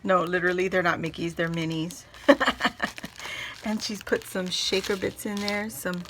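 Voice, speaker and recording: Slow-talking, gushing woman vlogger. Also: lowish voice, slight background noise. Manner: gushing, excitable, repeats words. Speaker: crafting channel host. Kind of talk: casual unboxing vlog.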